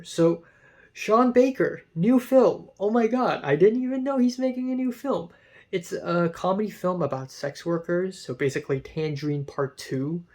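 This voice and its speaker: Rambling man with a high voice. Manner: rambling, many fillers, excitable. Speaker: film reviewer. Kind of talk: casual vlog commentary.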